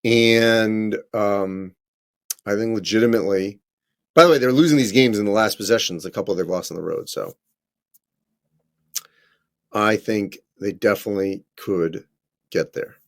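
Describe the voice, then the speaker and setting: A man working as a college basketball correspondent, answering viewer questions on a live stream in a conversational way, with frequent ums and quick self-corrections. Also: fairly low pitch.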